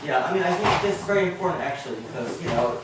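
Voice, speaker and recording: A man hosting a meeting, talking haltingly with many restarts. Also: mid-range voice, animated. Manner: halting, restarts, warm praise. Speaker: meeting host. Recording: echoey room, distant mic, noise.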